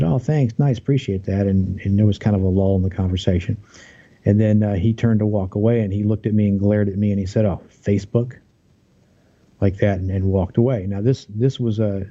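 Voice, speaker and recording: A man's voice: deep voice, mellow, breathy edge, dull audio. A man as an interview guest, earnestly telling his story of a workplace conflict, aggrieved, with many restarts.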